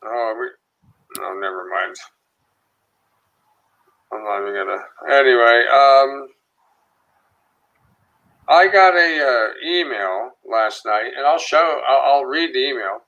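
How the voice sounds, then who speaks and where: A man's voice: medium pitch, slow, pauses often, bright, forceful tone, dull audio. A man co-hosting a casual livestream, loose and profane, greeting viewers by name. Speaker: livestream co-host.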